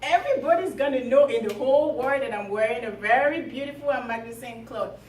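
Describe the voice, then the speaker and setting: A woman's voice: a little high, fast talker, a little mellow, a little hiss or hum, natural voice. A woman voicing a vain, boastful male emperor who gushes and exclaims. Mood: delighted. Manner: gushing, exclaiming. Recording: echoey room from far off.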